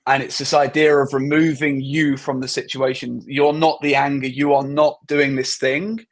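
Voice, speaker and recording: A man hosting an interview, talking in a measured way and often restarting his sentences. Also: mid-range voice, flat delivery. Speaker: host. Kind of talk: conversational interview.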